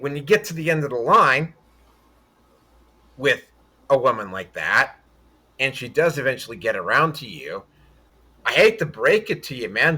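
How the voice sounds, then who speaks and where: A man's voice: mid-range voice, bright, forceful tone. Blunt, profane man ranting casually. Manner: blunt, profane, rambling with many restarts. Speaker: podcast host. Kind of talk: casual livestream chat.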